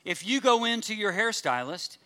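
A man's voice: sits high, sing-song, normal speed, sharp tone. A man preaching a sermon in a joking, conversational way, acting out the audience's reactions. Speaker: pastor.

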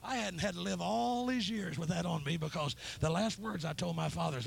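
A man's voice: high voice, a little fast, creaky, hardly any pauses, husky. A middle-aged man preaching a revival sermon in a church, telling stories with fervor and breaking into hallelujahs. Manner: impassioned, punctuated with hallelujahs. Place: church sanctuary.

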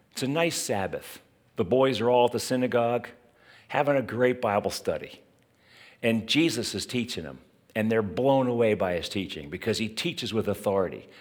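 A male pastor giving a sermon in an animated, conversational way, turning to his listeners with asides. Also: medium pitch.

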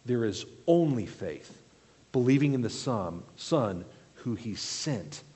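Male preacher, sermon, husky voice, lively rising and falling pitch, reverberant hall. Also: takes it slowly. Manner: expressive, questioning, explains verse by verse.

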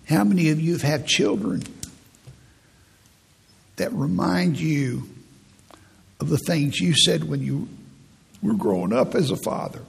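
A man in his fifties with a raspy voice, preaching a folksy, humorous sermon as a pastor. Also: fairly high pitch, lively intonation, measured pace, pauses often, in a large hall. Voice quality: raspy, gravelly. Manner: storytelling, humorous, laughs at own stories.

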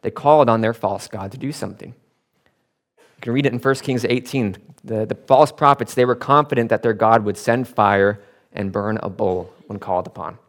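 Male preacher, lowish voice, reads scripture then swells to emphatic points, relaxed when telling stories. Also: normal speed. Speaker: pastor. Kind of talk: sermon.

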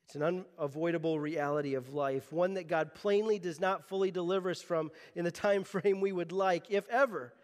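A male pastor preaching a sermon, earnest and animated, often restarting his phrases. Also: sits high, big-room sound.

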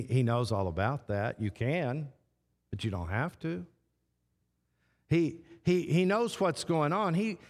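A man preaching a sermon as pastor, slow and repetitive, stressing short phrases again and again. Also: medium pitch. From Texas. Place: church sanctuary. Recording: long church hall reverb.

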